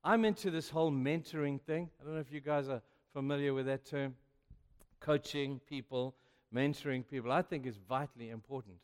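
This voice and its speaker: A male pastor preaching a sermon, telling stories with sudden swings between hushed and loud. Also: medium pitch, brisk, clear, resonant tone. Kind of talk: sermon with storytelling. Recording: long reverb of a large hall.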